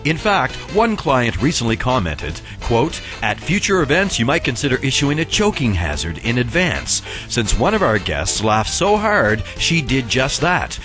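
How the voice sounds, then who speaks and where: Male promo voice-over over loud music. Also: mid-range voice, huge pitch swings, a little slow, few pauses. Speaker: promo narrator.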